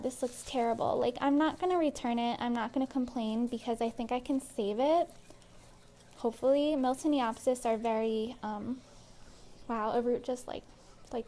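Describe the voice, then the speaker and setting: A woman's voice: fairly high pitch, a little mellow. Breathless, fed-up woman vlogger. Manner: exasperated, says "like" often. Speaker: plant vlogger. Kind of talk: casual ranting review.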